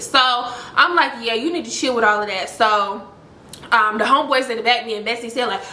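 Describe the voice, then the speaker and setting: A young woman casually telling a storytime, animated and swearing freely as she acts out the quoted lines. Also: a little high, fairly quick. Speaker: storytime vlogger. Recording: echoey room, faint noise.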